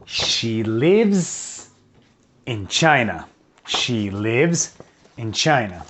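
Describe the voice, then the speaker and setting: A man teaching English to young children, singing and speaking slowly so they can repeat, switching into to explain. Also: medium pitch, sing-song, fairly bright tone. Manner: slow, drawn-out words for children to repeat. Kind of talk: children's English lesson with songs. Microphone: video lesson recording.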